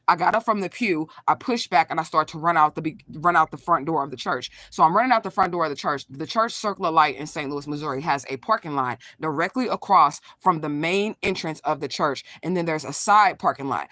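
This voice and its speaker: A fast-talking spiritual vlogger recounting a story straight to a live audience, blunt and emphatic, with plenty of swearing. The voice is close and dry, with no room sound around it. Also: mid-range voice, bright, forceful tone, dry recording. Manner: blunt, profane, emphatic retelling; talks straight to viewers, reacts to live comments. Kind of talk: casual livestream storytelling.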